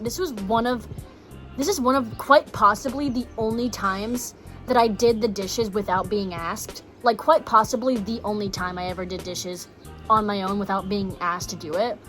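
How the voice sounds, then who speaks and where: A young Texan woman vlogger tells a personal story casually, speaking bluntly, swearing, and packing in lots of "like" fillers. Her voice is fairly high and a bit bright.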